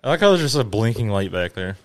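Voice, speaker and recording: Male guest, dry sarcastic delivery, medium pitch, animated range. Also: quick pace. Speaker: podcast guest. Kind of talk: casual movie commentary chat.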